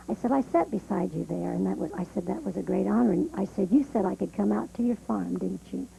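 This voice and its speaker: Heartfelt woman with a gravelly, mellow voice. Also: medium pitch, brisk, few pauses, slight background noise, low-quality recording. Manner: heartfelt, emotional, slightly tearful. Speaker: country singer and yodeler. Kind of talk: casual chat on a TV show.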